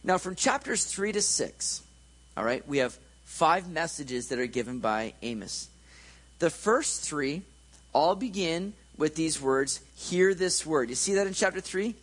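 Man, preacher, sermon, conversational, joking asides, somewhat high voice. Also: expressive, unhurried, fairly bright tone, rough recording. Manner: conversational, joking, checks in with listeners.

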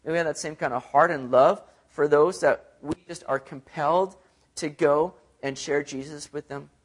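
A man's voice: a little high, fairly even intonation, moderate pace. A male pastor giving an expository sermon, earnest and emphatic, often repeating phrases to drive a point home.

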